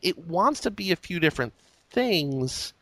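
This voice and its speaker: A man's voice: sits high, sing-song, a little slow, fairly bright tone, no echo. Male podcast co-host, casual, hesitant and filler-heavy, dry close sound. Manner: hesitant, lots of "like" and restarts. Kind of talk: casual film discussion.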